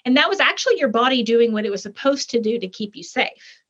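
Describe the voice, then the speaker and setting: A woman's voice: on the high side, expressive, quick pace, fairly bright tone, husky. A woman hosting a podcast, reflecting back and validating what her guest has said in a conversational way. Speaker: podcast host. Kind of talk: conversational interview. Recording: dull lo-fi sound.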